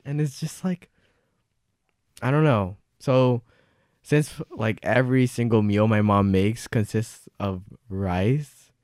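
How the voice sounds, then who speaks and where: A man's voice: on the low side, takes it slowly, a little mellow, no echo, clean studio sound. A teenage boy co-hosting a podcast, rambling casually with lots of "like". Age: teens. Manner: rambling, many fillers. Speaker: podcast co-host. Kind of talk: casual chat.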